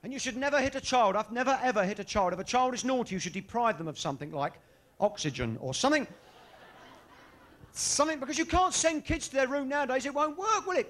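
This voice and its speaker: A stand-up comedian with a high, fairly bright voice performs a cheeky, bawdy routine at a live comedy venue. He trades banter with the audience in the room.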